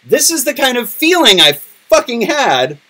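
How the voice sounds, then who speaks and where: A man's voice: very high-pitched, sing-song, a little slow, bright, forceful tone. A middle-aged man hosting a podcast in casual chat, candid and emotional, swearing freely. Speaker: podcast host.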